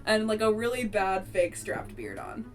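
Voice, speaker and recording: A woman's voice: medium pitch, lively intonation, unhurried, soft background music. Giggly woman running a tabletop game. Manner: giggly, bursts of laughter. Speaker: game master.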